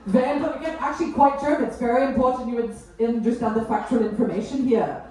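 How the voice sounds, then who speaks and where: An English stand-up comedian with an Essex accent does cheeky crowd work on a club stage, teasing the audience in a fast, slightly high voice with a darkish tone. The mic sounds distant in an echoey room, with audience laughter behind her.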